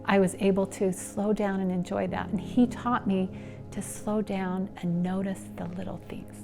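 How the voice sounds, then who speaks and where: A middle-aged woman tells her story in an earnest, heartfelt interview, her voice carrying a gravelly edge of fry. At tender moments her words fall soft and breathy. Faint music plays underneath. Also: mid-range voice, little pitch movement, normal speed. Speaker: interviewee, nonprofit founder and mother.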